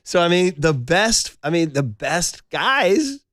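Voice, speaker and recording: A middle-aged man on sports radio who chats casually and tells animated stories with plenty of fillers. His voice sits a little high and lively, and the studio sound is dry and close. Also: slow, no echo. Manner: animated storytelling, frequent fillers.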